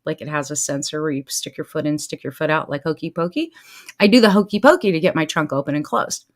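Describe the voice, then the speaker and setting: Animated middle-aged woman telling stories. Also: quick pace. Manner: animated, laughs often, swings pitch to act out what people said. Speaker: life coach and show host. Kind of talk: casual storytelling to viewers.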